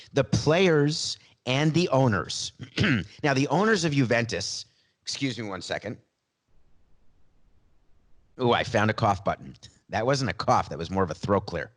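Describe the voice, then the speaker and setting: A man hosting a solo podcast monologue, emphatic and opinionated, with self-deprecating asides, on a studio mic. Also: mid-range voice. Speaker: podcast host.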